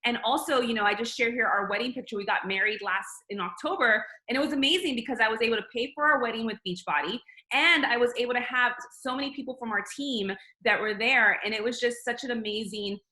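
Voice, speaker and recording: A woman's voice: a little high, quick pace, sharp tone. A woman hosting a group call, upbeat and enthusiastic as she shares her story and introduces the next speaker. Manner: upbeat, enthusiastic, repeats "amazing". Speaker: host. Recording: echoey room.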